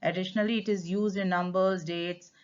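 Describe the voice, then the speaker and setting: A woman's voice: fairly low pitch, fairly even intonation, fairly quick. A woman with an Indian English accent teaching a grammar lesson, stressing key words and slipping into Hindi to explain. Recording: dull lo-fi sound.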